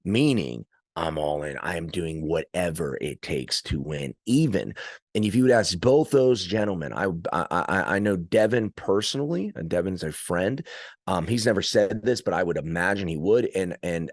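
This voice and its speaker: A man, an arm wrestler and trainer, chatting casually on a podcast in a rambling, animated storytelling way full of restarts. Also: deep voice, no echo, studio quality.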